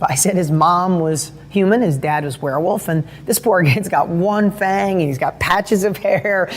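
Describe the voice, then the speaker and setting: Man, middle-aged, high-pitched voice, motivational talk, animated storytelling, earnest, self-correcting. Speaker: motivational speaker.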